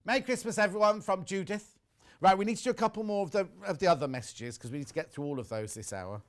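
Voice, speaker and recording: A man presenting a live shopping channel broadcast, chatting as he reads out viewer messages with quick asides. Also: high voice. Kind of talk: live TV sales chat.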